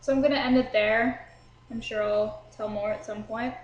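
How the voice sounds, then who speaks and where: A woman's voice: fairly high pitch, steady tone, moderate pace, reverberant, lo-fi sound. A young woman casually telling a drunk story to her viewers, chatty and swearing freely, laughing at herself. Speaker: vlogger.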